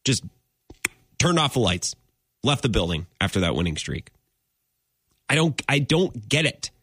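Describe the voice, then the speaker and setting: A man hosting a sports podcast, his pitch climbing and dropping all over as he talks. He chats casually, laughs a lot and wanders off his point before coming back to it. The sound is dry and close. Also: a little slow, slightly rough, no room sound. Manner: animated, laughs often, wanders off and circles back.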